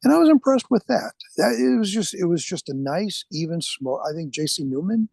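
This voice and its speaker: A man's voice: sits high, expressive, brisk, vocal fry, a little mellow, husky, dry recording. An older man chatting as a podcast guest, blunt and enthusiastic, swearing casually. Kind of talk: casual chat.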